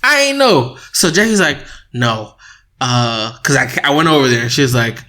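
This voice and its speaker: A young man co-hosting a casual podcast with his wife, telling an animated story, laughing often and acting out both sides of an argument. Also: mid-range voice, moderate pace. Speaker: podcast co-host. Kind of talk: casual married-couple podcast chat.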